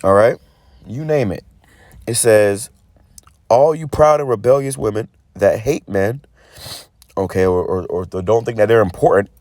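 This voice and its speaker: Low-voiced rambling man preaching casually. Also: darkish tone, no echo, studio quality. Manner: rambling, stammers and repeats words; reads scripture slowly and deliberately. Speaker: street preacher.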